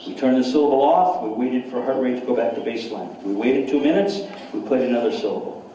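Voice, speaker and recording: A man's voice: medium pitch, fast, warm tone, slight background noise. A man giving a seminar lecture to an audience, enthusiastic, often repeating words and putting questions to the listeners. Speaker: seminar speaker. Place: seminar hall. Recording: echoey hall, speaker far from mic.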